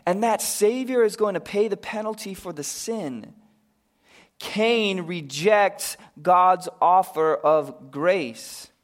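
Man, pastor, sermon, slow pace, earnest, hushed appeals, slightly raised pitch.

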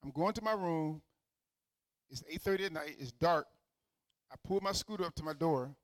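A man's voice: on the high side, normal speed, no room sound, low-quality recording. Dry-voiced storytelling male preacher. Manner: conversational preaching, rising to emphatic. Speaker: pastor. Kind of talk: storytelling sermon.

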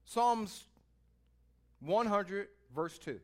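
A man with a high voice delivers a sermon, talking straight to his listeners in a folksy, chatty way. He moves from quiet, thoughtful asides to loud, drawn-out calls to praise. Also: lively intonation. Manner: swings from quiet musing to loud exhortation; folksy, speaks to the listeners directly. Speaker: preacher.

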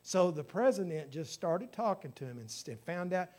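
A man's voice: sits high, big pitch swings, moderate pace, darkish tone. A man preaching a sermon, emphatic, with surges in volume on key phrases as he tells stories. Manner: storytelling preacher.

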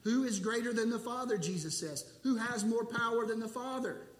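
High-voiced man preaching in an echoey room. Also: moderate pace. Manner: earnest, emphatic preaching with repeated rhetorical questions. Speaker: pastor. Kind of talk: sermon.

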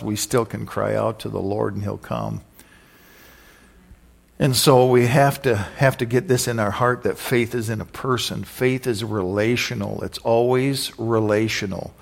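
Low gravelly-voiced male preacher. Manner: conversational, repeats phrases, acts out quoted voices. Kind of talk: casual sermon with personal stories.

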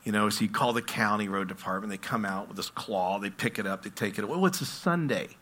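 A male pastor preaching a sermon, telling stories and acting out voices, swinging between loud and hushed. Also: on the low side, fast. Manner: storytelling, animated, acts out voices, swings loud and soft.

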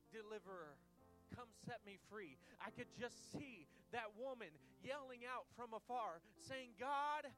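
A man's voice: sits high, fairly bright tone. A man preaching a sermon, impassioned and building in intensity, asking the congregation for "amen" and "okay" as he goes.

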